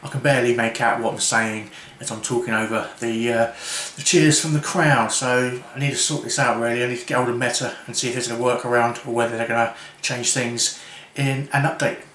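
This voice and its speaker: A man explains things in a plain, matter-of-fact voice-over at an ordinary pitch. The recording sounds roomy and echoey, with a faint hiss underneath. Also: steady tone, fairly quick, hardly any pauses, a bit bright. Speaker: VR gaming content creator. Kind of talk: reflective voice-over commentary.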